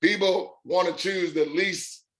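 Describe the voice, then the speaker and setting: A man hosting a live talk for his online business community, emphatic and repeating points in punchy lists, with drawn-out stresses on key words. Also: high-pitched, fairly even intonation, a bit bright.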